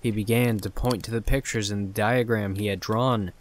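A man narrating a scripted horror story in a calm, measured way. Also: on the low side, slight background noise.

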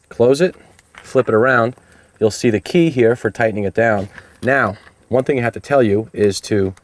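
A man's voice: fairly low pitch, a little mellow. Casual upbeat man reviewing a product. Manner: casual and upbeat, explaining step by step. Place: outdoors.

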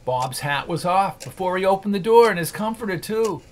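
A man narrating a classic novel as an audiobook in an expressive, theatrical storytelling manner. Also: high voice, normal speed, a little hiss or hum.

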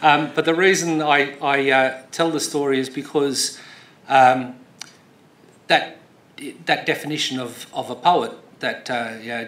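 A man's voice: medium pitch, fairly bright tone. Middle-aged man speaking in an echoey hall. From Australia. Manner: storytelling, many fillers and restarts; rousing and emphatic. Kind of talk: speech.

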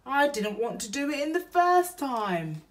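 A woman voicing a rough-talking male burglar who is kindly underneath, drawn out and exclaiming slowly. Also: sits high, very animated, distant mic, slight background noise, pitched above the performer's own voice. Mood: coaxing.

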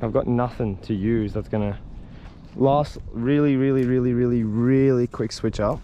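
A man narrating his own fishing trip in a casual vlog, excitable and swearing when the fish won't bite. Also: mid-range voice, normal speed, lo-fi sound, slight background noise. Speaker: fishing vlogger. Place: outdoors on the water.

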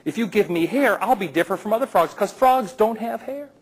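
A man's voice: high voice, expressive, fairly quick, slightly rough, pitched above the performer's own voice, low-quality recording. A man voicing a young male frog who pleads and whines to be made different. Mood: eager. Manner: pleading and whiny. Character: whiny young male frog craving to be special.

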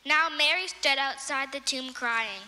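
A woman narrating a Bible story for children in a simple, clear storytelling manner. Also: high-pitched, unhurried, pushed and bright, in a large hall, a little hiss or hum. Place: church.

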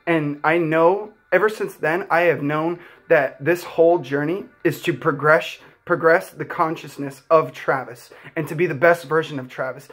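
Young male vlogger with a slightly raised pitch, sincere and rambling, speaks from the heart. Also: steady tone, normal speed, few pauses, fairly bright tone. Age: young adult. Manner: heartfelt, rambling, many "like" fillers. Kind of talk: earnest personal storytelling.

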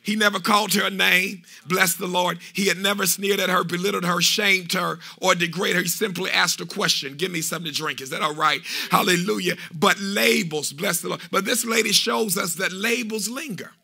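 Fiery pastor, high and gravelly, half-sings his sermon in a church with faint music underneath. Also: fairly even intonation, normal speed, few pauses. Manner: fiery preaching, half-sung shouted phrases, refrains of "Is that all right?". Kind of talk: preaching a sermon. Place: church sanctuary.

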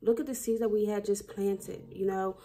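Woman, gravelly, dark tone, reflective video diary, rambling with fillers. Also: mid-range voice, little pitch movement, moderate pace. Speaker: vlogger. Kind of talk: personal daily video diary.

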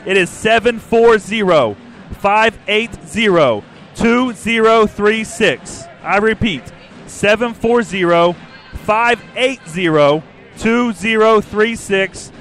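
A man's voice: sits high, animated, a bit bright, soft background music. A man co-hosting a fan sports podcast, running the pregame show with upbeat, announcer-like banter. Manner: upbeat, announcer-like, reads numbers out slowly.

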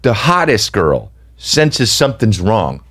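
A man's voice: on the low side, sing-song, slow pace, a bit bright. Guy on a comedy podcast rambling through a story, swears a lot, keeps going "okay? right?", voice swings all over the place. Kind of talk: casual storytelling chat.

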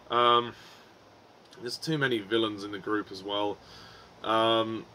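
A man's voice: medium pitch, sharp tone, a little hiss or hum. Frustrated man ranting about a film. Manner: frustrated, swearing, with frequent ums and restarts. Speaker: film reviewer.

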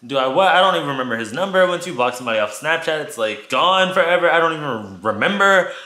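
Bright-voiced man telling a dramatic story. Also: fairly high pitch, fast talker, echoey room. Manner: animated, profane, dramatic storytelling addressing viewers. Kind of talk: casual storytime vlog. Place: his apartment.

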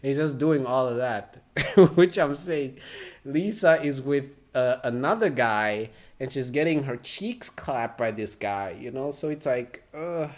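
A man's voice: a little high, darkish tone. A man hosting a reaction video, joking loosely and laughing as he comments.

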